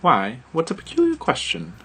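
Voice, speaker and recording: Young British girl, playful and inquisitive, read by a man in a higher voice for a storybook. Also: wildly swooping pitch, normal speed, a bit bright, breathy edge, exaggerated voice. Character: small young British girl, chatty and teasing. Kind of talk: audiobook-style story reading.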